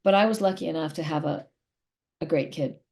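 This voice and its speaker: Mellow gravelly woman rambling on in an interview, kinda emotional. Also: low-pitched, fairly quick. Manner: emotional, rambling, repeats herself. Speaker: interview guest. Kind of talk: candid conversational interview.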